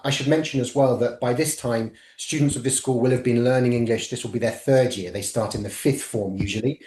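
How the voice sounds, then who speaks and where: A man's voice: mid-range voice, darkish tone, roomy sound. A man giving an academic webinar talk, methodically walking listeners through slides. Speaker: webinar presenter.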